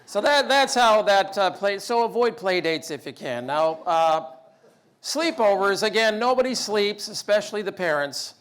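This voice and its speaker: A man's voice: high-pitched, normal speed, clear, resonant tone. A middle-aged man giving a humorous storytelling talk, acting out dialogue in a raised voice. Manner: animated, acts out dialogue in raised voice. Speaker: speaker telling stories.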